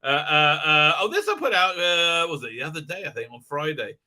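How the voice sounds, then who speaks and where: A man's voice: on the high side, very animated, brisk, pushed and bright. A middle-aged man hosting a live stream, rambling casually with lots of fillers and blunt jokes. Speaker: host.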